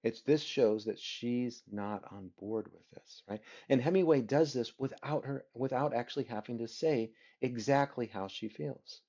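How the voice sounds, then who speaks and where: A man's voice: mid-range voice, normal speed, few pauses, dark tone. A man teaching a literature class, talking through a story and often checking in with his listeners by asking "right?". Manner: keeps asking the listeners rhetorical "right?" questions. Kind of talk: recorded class lecture. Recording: dull lo-fi recording.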